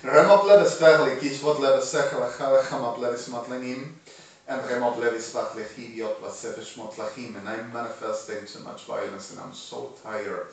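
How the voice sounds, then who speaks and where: A man, delivering a rambling monologue to camera and veering from low muttering to shouting. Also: fairly even intonation, normal speed, vocal fry, recorded from a distance. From Argentina. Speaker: vlogger. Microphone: phone camera. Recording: echoey room, voice away from mic.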